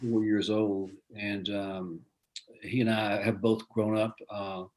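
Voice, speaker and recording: A man's voice: on the low side, level tone, slow, darkish tone. Older man, folksy rambling talk. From American South. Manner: rambling, many restarts, folksy. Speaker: guest author. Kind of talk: casual interview over video call. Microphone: video call.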